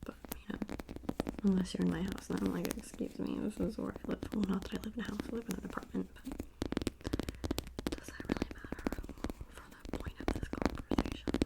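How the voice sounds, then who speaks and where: A young woman rambling in a soft-spoken ASMR style, slipping often into a whisper, at home in her apartment. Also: mid-range voice, level tone, a little fast, creaky, pauses often, poor audio. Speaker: ASMR creator. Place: apartment room. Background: faint tapping and scratching clicks.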